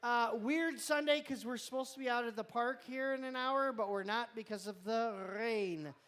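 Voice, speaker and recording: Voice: mid-range voice, moderate pace, a bit bright. A youth leader runs through the week's announcements in a loose, chatty way, cracking jokes at the kids in the room and chewing mid-sentence. The voice sits in an ordinary middle register. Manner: chatty, rambling, joking, talks while chewing. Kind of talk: casual live-stream announcements to a youth group. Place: church youth room with students present.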